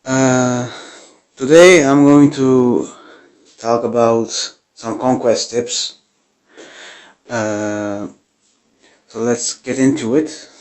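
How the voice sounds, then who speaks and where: A man hosting his first gaming video, giving game tips in a nervous, apologetic way with many halting fillers. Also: mid-range voice, fairly even intonation, darkish tone. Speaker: gaming channel host.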